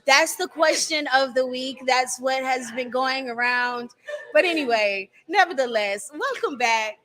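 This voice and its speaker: A woman with a bright, ringing voice hosts a live talk show. She banters playfully and keeps the chat moving. Her voice sits a little on the high side. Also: a little slow. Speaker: host. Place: cafe market.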